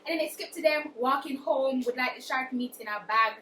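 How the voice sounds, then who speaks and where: A young woman book vlogger gives a dramatic, casual recap of a book, chatting away and acting out quotes as she retells it. Her high-sitting voice is brisk and sharp, with a little hiss or hum on the audio. The recording has a roomy echo, as if the mic is far away.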